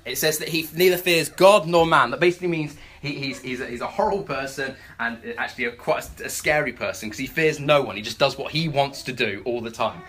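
Lively preacher with a bright voice. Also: mid-range voice, a little fast, hardly any pauses. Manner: animated storytelling, frequent stammered restarts; acts out voices in the story. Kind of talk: sermon.

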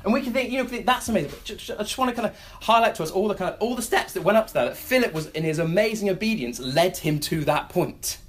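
A preacher giving a sermon, telling everyday stories with many restarts and quick acted-out asides. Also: mid-range voice. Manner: animated storytelling with many restarts.

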